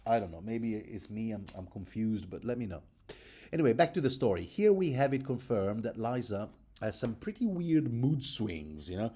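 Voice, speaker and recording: A man's voice: fairly low pitch, lively intonation, moderate pace, warm tone, husky. A man giving a rambling, casual commentary on a book, chatty and digressive and often mocking himself.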